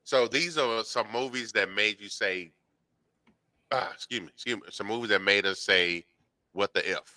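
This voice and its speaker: Bright-voiced man, laughing banter. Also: fairly low pitch, normal speed, no echo. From Alabama, US South. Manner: laughs often, easygoing banter. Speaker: podcast co-host. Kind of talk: casual podcast chat.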